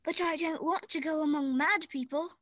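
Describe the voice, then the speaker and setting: Polite, curious young girl, voiced by a woman, high and courteous. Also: moderate pace, a bit bright, muffled recording. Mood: puzzled. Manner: polite and wondering.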